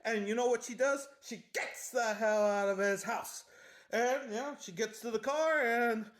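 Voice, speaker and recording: A man's voice: very high-pitched, unhurried, fairly bright tone. A man giving a casual, joking book recap with chatty asides. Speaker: book summary host.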